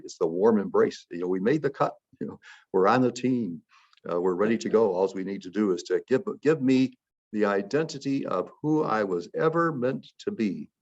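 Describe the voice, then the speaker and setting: A man's voice: sits low, vocal fry, a little mellow, lo-fi sound. A man, a priest, leading an informal Bible study, rambling along with many fillers and restarts.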